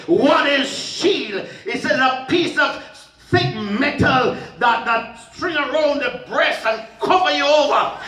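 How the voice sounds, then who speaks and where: A male pastor preaching a sermon in a church sanctuary, emphatic and often rising into shouted refrains. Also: extremely high pitch, slow pace, few pauses. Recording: roomy church sound from a distant mic with faint music.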